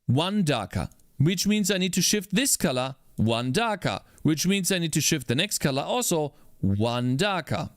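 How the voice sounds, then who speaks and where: Exasperated game developer, high lively voice. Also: male voice, no room sound, studio quality. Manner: frustrated, exasperated, talks to himself; swears. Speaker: indie game developer streaming. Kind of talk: live-stream chat while working.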